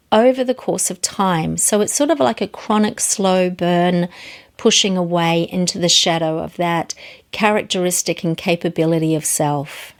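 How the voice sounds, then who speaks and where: Earnest woman teaching through stories. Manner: earnest storytelling, varies pitch for emphasis. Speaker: psychology teacher.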